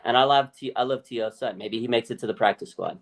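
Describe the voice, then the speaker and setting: A man co-hosting a podcast, chatting in a lively, casual way, swearing freely and acting out other people's voices. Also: mid-range voice, fast talker, vocal fry. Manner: animated, swears freely, acts out quoted voices. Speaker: podcast co-host. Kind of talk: casual sports chat.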